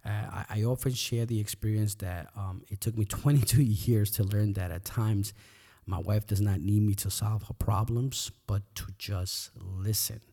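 A man's voice: lowish voice, steady tone, normal speed, mellow. A middle-aged man hosting a podcast, talking earnestly and reflectively, often repeating words as he thinks. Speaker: podcast host. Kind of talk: reflective personal talk.

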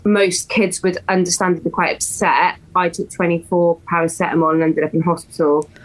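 A woman, a podcast guest talking in a lively, emotional, animated way. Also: fairly low pitch, fairly quick, poor audio. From West Wales. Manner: animated, emotional, acts out voices in stories. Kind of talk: casual podcast chat.

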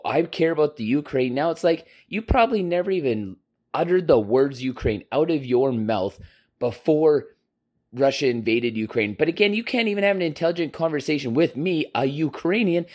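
A man's voice: on the high side, big pitch swings, moderate pace, a little mellow. A man delivering a heated, profane opinion rant on his own channel, blunt and rhetorical.

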